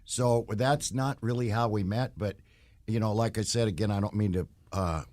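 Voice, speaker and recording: A man's voice: on the low side, moderate pace, darkish tone. Rambling man talking about his faith. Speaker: guest, bounty hunter. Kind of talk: casual interview talk.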